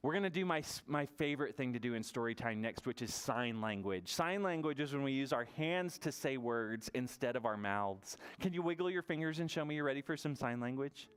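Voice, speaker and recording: A man leading a toddler story time at a library, animated and sing-song as he encourages the children. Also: medium pitch, a little fast, few pauses, clear, resonant tone. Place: public library room.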